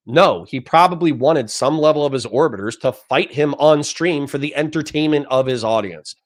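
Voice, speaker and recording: A man's voice: mid-range voice, moderate pace, hardly any pauses. A young adult man streaming political commentary, reading chat messages and lecturing his audience in a heated, profane rant.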